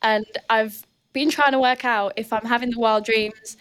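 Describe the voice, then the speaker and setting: A woman's voice: a little high, fairly even intonation, moderate pace, fairly bright tone, clean tone. A young woman with a northern English accent, a guest on a casual podcast interview who talks in a chatty way, full of fillers and restarts. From Britain. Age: young adult. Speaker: guest athlete.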